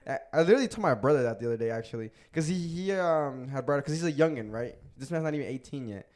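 A man's voice: medium pitch, animated, quick pace, darkish tone. A young adult man hosting a casual podcast, telling a bar story in loose slang with lots of swearing. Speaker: podcast host. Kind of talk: casual chat.

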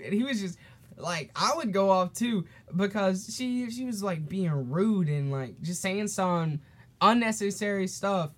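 This high-pitched male voice belongs to a teenage boy running a solo podcast at normal speed. His casual storytelling wanders, full of "um"s and restarts, and he occasionally voices the characters with animated energy.

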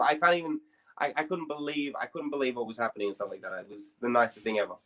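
A young man hosting a podcast, telling a story in a rambling, sweary, animated way. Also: mid-range voice, quick pace, low-quality recording. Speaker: podcast host. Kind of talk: casual storytelling.

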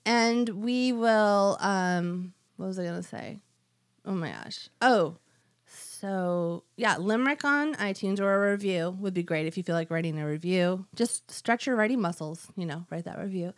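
A woman's voice: medium pitch, measured pace, dry recording, clean studio sound. A woman co-hosting a podcast in casual chat, giggly, rambling and poking fun at herself. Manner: giggly, rambling, self-mocking. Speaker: podcast co-host.

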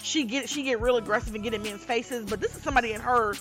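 A woman with a bright, slightly high voice co-hosts a group podcast. She tells stories animatedly and laughs easily, and faint music sits underneath. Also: quick pace. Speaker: podcast co-host. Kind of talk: casual group chat.

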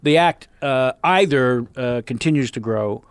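A man's voice: medium pitch, unhurried, smooth, dry recording. A man, a comedian and impressionist, telling stories as a guest in a casual interview on a studio mic. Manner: storytelling, animated, laughs often. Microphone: studio mic with headphones.

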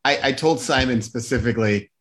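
A man of middle pitch chatting casually among bandmates. He jokes about his own efforts and keeps his tone light. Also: a little fast, a bit bright, echoey room. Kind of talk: casual conversation.

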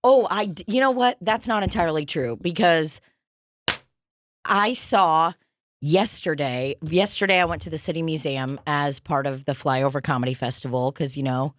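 A woman's voice: low voice, normal speed. Rambling woman telling a story. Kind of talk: casual comedy chat.

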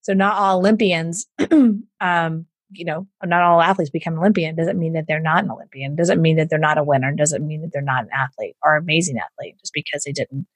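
A woman from the States, telling her story in an interview in an animated way, acting out what others said and laughing often. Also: low-pitched, brisk, no echo. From Southern United States. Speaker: entrepreneur guest.

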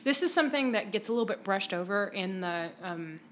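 A woman's voice: mid-range voice, animated, brisk, fairly bright tone, a little hiss or hum. A woman co-hosting a podcast, chatting casually about a TV episode, laughing often and playful. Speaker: podcast co-host. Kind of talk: casual chat recapping a TV episode.

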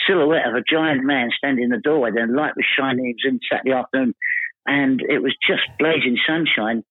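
A man from Essex with an Essex accent, telling comic anecdotes as a podcast guest, quoting people in animated voices. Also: a little high, slightly rough, no room sound. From Essex, England. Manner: rapid storytelling, animated quoting of others. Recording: tinny phone-like dry line.

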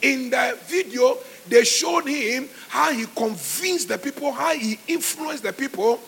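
A male pastor preaching a sermon, calling on the congregation to respond and shouting his exhortations, recorded live in church with music underneath. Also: very high-pitched, animated, measured pace, vocal fry, husky.

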